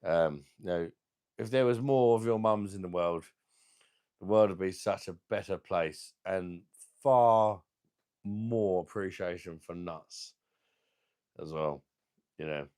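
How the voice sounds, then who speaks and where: A man's voice: sits low, slow, pauses often, darkish tone, clean tone. A man reviewing beers on a live stream, chatting crudely to viewers in a rambling, hesitant way.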